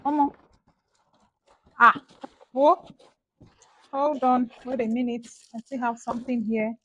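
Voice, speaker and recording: A woman's voice: a little high, slow pace, lo-fi sound. A young woman with a Nigerian accent, chatting casually and gushing over her purchases in an unboxing vlog. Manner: gushing, excitable. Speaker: vlogger.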